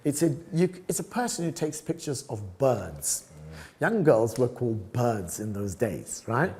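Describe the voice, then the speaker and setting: Older male guest storyteller, lively pitch swings, long hall reverb on the voice. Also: a little slow, a little hiss or hum. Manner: lively, laughing, tag questions like "right?". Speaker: guest photographer. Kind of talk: animated storytelling interview.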